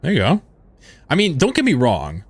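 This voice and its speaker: A man's voice: medium pitch, wildly swooping pitch, normal speed, breathy edge, no room sound. A man streaming a game, chatting casually with his audience in a rambling, profane way and chuckling often. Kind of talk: casual live-stream commentary.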